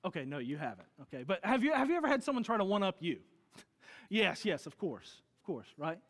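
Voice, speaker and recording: A man in his thirties preaching a sermon as pastor, telling stories in an animated way and acting out quoted voices. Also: sits high, brisk, in a large hall.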